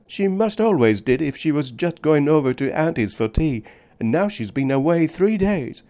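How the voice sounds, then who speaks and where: A man's voice: a little high, animated, moderate pace, mellow, pitched above the performer's own voice. A man reading aloud, voicing an earnest five-year-old girl with a childish voice and old-fashioned, folksy speech.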